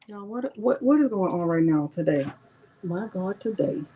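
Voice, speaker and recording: A woman's voice: medium pitch, lively intonation, normal speed, lo-fi sound, a little hiss or hum. A middle-aged woman hosting a crafting livestream, chatting casually with viewers, teasing herself and muttering as she works. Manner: chatty, addresses viewers as y'all, self-teasing; muttering to herself while working. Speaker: crafting channel host.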